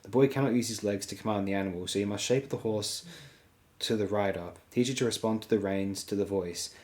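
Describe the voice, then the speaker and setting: A man's voice: on the low side, brisk, darkish tone, natural voice. A man voicing a wry, sardonic dwarf lord in a dry, courtly manner.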